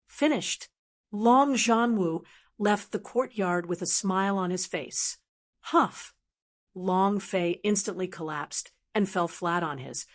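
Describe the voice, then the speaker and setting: A woman reading a fantasy novel aloud as an audiobook narrator, steady and even. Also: on the low side, unhurried. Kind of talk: scripted narration.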